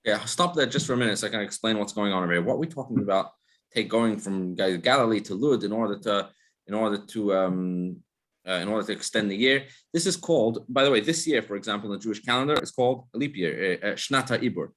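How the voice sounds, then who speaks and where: Rabbi teaching, asking himself questions. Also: male voice, fairly low pitch, expressive, fast, fairly bright tone. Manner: explains step by step, asks and answers his own questions; frequent restarts and repeated words. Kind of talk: casual spoken Torah class.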